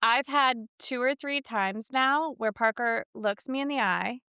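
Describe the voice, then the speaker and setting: A woman's voice: on the high side, unhurried, bright, forceful tone, clear, resonant tone, no echo, studio quality. A woman co-hosting a podcast, chatting casually and telling a parenting story in an earnest, candid way. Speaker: podcast co-host.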